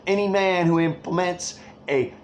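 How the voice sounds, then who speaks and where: A man's voice: high-pitched, moderate pace, a little hiss or hum. A man delivering an angry, rambling political rant full of swearing.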